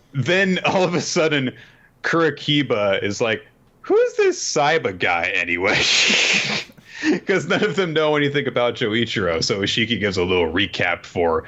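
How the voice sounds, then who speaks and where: A man's voice: lowish voice, bright, forceful tone, lo-fi sound. A young man co-hosting a podcast in casual chat, playfully recapping stories and quoting characters in mock voices. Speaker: podcast co-host.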